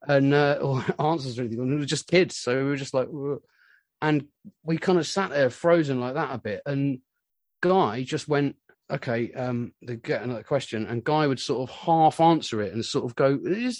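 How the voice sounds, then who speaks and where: A man in his forties, a musician being interviewed, telling stories in a rambling, animated way with lots of filler words. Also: fairly high pitch, no room sound. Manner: rambling, animated storytelling full of "you know". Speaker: musician guest. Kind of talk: casual interview chat.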